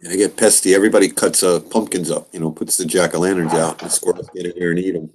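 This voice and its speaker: A man's voice: low voice, fairly even intonation, quick pace, darkish tone, slight background noise. A man hosting a casual live stream chat, loose and joking, laughing often.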